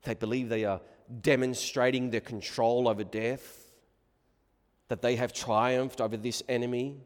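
Male preacher, sermon, deliberate slow delivery, quiet then booming, echoing church hall. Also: fairly even intonation. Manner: swings from hushed, reflective passages to loud, emphatic proclamation. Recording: long reverb of a large hall.

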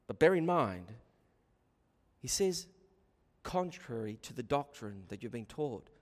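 Preacher in an echoing church. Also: male voice, mid-range voice, sing-song, a little slow. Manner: emphatic, rhetorical questions to the congregation. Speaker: pastor. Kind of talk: sermon.

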